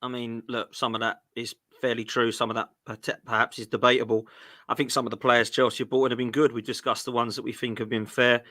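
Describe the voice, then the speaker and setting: A man's voice: mid-range voice, level tone, fast talker, bright, forceful tone, no echo, studio quality. A man on a fan podcast, conversational, conceding some points before arguing back about transfers. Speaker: football podcast panelist, fan of a rival club. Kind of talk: casual fan podcast debate.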